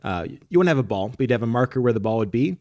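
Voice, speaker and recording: A man's voice: medium pitch, animated, very fast, a little mellow, no echo. A man co-hosting a soccer podcast, explaining technique while demonstrating it in a casual, instructional way. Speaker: soccer coach and podcast co-host.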